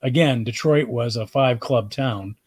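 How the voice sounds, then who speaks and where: Relaxed male comic rambling a story. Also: medium pitch, unhurried, breathy edge, dry recording. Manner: relaxed rambling anecdotes with fillers. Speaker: comedian host. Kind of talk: casual storytelling chat.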